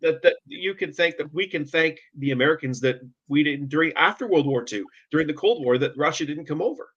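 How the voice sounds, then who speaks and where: A man's voice: fairly high pitch, fairly quick, fairly bright tone. A man from Canada hosting a casual chat, emphatic and repeating words as he starts sentences. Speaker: host. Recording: dull lo-fi audio.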